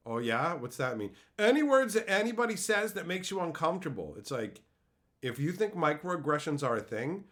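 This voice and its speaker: A man's voice: mid-range voice, fairly bright tone. A man streaming and ranting in a scornful, profane tone, often mocking others in put-on voices. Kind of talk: ranting commentary.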